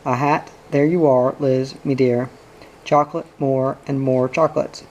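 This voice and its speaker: A man's voice: medium pitch, fairly even intonation, unhurried, darkish tone, highs cut off, close to an everyday voice. A man voicing a jovial, tipsy middle-aged father who talks in a boisterous, florid, sing-song way.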